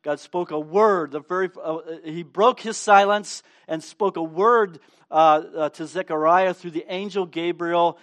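High-voiced playful male pastor. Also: fairly even intonation, unhurried, hardly any pauses, a bit bright. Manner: playful, acts out voices of the characters. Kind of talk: sermon. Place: church sanctuary with a congregation.

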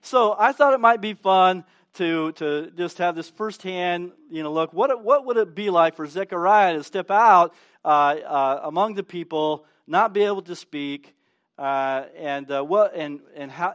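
A male pastor delivers a sermon in a church sanctuary, his voice sitting high. He keeps it playful, slipping into the voices of the story's characters and chatting with the congregation.

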